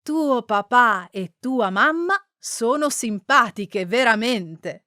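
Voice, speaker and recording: Slow, bright-voiced woman reading examples. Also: on the high side, animated, dry recording. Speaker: reader of example sentences.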